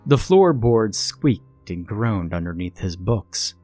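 A man reading a scripted horror story in a measured, ominous storytelling manner. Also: fairly low pitch, very animated, dark tone. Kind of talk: scripted narration. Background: faint music.

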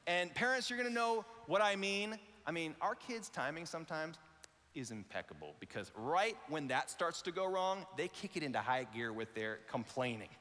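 A man, a pastor, telling a lively story in a sermon, acting out the voices of the people in it. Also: medium pitch, normal speed, in a large hall. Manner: animated, acts out voices in his story. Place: large church auditorium.

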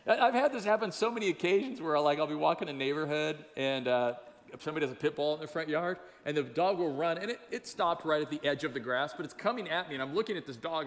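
Animated pastor preaching in a reverberant church. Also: male voice, on the high side, fast talker. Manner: conversational, animated storytelling with audience questions. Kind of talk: sermon. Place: church sanctuary. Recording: long church hall reverb.

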